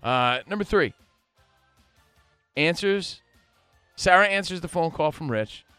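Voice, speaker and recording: A man's voice: fairly high pitch, lively intonation, takes it slowly, bright, forceful tone, clear, resonant tone, no room sound, soft background music. A man co-hosting a radio show, teasing his partner and running a countdown in casual banter.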